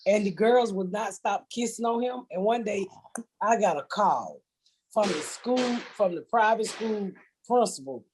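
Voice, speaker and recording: A woman's voice: medium pitch, lively intonation, a little slow, noisy background. A woman hosting a podcast, telling blunt, profane comic stories in casual chat and laughing through them. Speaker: podcast host. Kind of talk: casual comedic storytelling.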